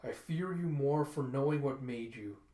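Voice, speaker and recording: A man voicing a cold female inquisitor from a comic book, speaking slowly and calmly. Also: mid-range voice, reverberant, lightly acted. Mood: measured.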